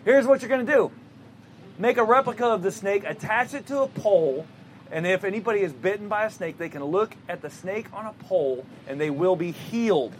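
A firm, commanding God lays out instructions emphatically, as a preacher voices him. The voice sits high for a man. It comes as part of a sermon story. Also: a little fast, slight background noise, lightly acted. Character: commanding God giving an order, male.

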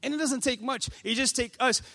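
A man pastor delivering a passionate sermon to his church, building to shouts. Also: very high-pitched, brisk. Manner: passionate, preaching with rising shouts.

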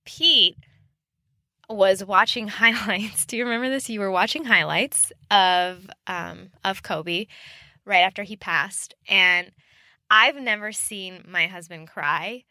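A woman co-hosting a podcast with her husband, telling stories in an animated way and laughing often. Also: mid-range voice, slow, no echo, studio quality. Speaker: podcast co-host. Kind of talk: casual chat.

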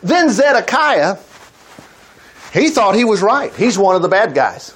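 A man preaching a sermon, retelling a Bible story in a folksy, animated way with frequent chuckles. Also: sits high, measured pace, breathy edge.

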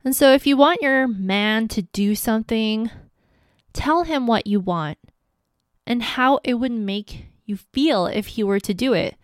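A young adult woman hosting a podcast, giving relationship advice in an earnest, gentle and encouraging way. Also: fairly high pitch, measured pace, smooth, no room sound, studio quality. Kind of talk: casual advice talk.

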